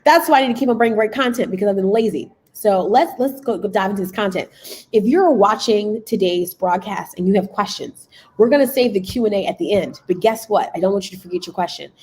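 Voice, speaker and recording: A young woman hosts a casual livestream training. She is chatty and excitable, repeats herself and leans on fillers. Her voice sits at an everyday middle pitch. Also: fast, low-quality recording. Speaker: channel host and business coach. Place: school classroom.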